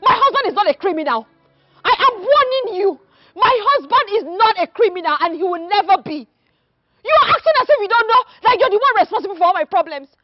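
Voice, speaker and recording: A woman's voice: extremely high pitch, lively intonation, quick pace, faint music behind. An actress with a Nigerian accent playing a fiercely loyal wife who scolds and defends her husband. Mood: angry. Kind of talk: film acting. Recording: dull, dry film audio.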